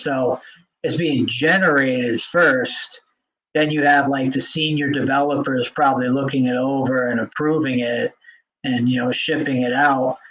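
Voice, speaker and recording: A man's voice: on the high side, fairly bright tone, highs cut off. A man hosting a casual tech podcast chat, rambling and full of fillers and restarts. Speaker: podcast host.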